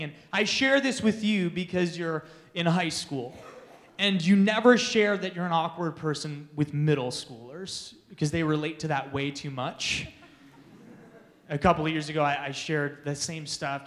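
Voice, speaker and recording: A man telling funny, self-deprecating stories as a youth conference speaker to teens, animated and laughing as he goes. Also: fairly high pitch, long reverb tail. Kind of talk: storytelling talk to teens.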